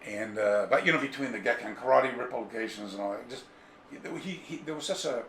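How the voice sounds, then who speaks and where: This karate author, a guest in an interview, speaks fairly quickly in a medium-pitched voice over a little hiss or hum. Animated and prone to digressions, he casually spins a long anecdote from a room in his home, mimicking the characters along the way, and the room is echoey with faint ambience.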